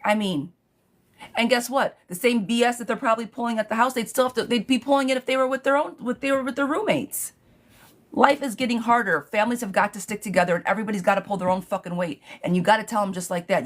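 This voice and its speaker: A woman's voice: on the high side, quick pace. A woman giving a live tarot reading, with blunt and profane advice that she calls out to her viewers. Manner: blunt, profane, animated advice with frequent "girl". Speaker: tarot reader.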